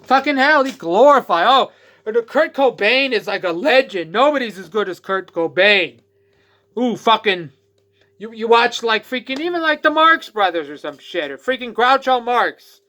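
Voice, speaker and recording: Ranting vlogger, bright sharp tone, profane, sarcastic, mocking impressions. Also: mid-range voice, animated, normal speed. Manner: profane, sarcastic, mocks others in exaggerated voices. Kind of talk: ranting vlog.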